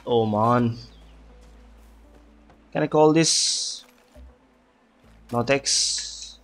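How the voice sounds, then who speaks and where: A man's voice: mid-range voice, extremely slow, faint music behind. A man giving casual gameplay commentary, chatty and muttering to himself, swearing often, and putting on an accent for fun. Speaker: gaming video creator.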